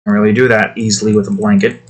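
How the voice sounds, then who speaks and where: A man's voice: on the low side, flat delivery, quick pace, husky. A man talking casually to himself while drawing digital art, muttering about his work and snapping at his cat. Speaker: artist drawing on stream.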